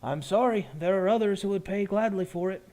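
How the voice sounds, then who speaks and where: Guy doing a potion shopkeeper, higher and louder than his own voice, haggles polite but firm. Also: fairly quick, natural voice. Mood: bargaining. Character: male potion brewer and shopkeeper, shrewd haggler.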